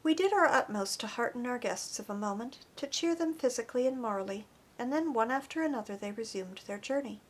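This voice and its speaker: A woman reading an audiobook chapter in an earnest, expressive narration. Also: on the high side, brisk, few pauses. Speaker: audiobook reader. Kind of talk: scripted narration.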